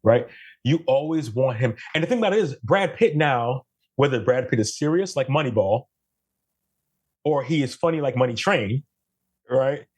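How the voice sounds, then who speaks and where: A man's voice: mid-range voice, normal speed, breathy edge. A man from Jamaica, a photographer guesting on a podcast, talking animatedly in casual chat and often checking in with "right?". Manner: animated, tags statements with "right?".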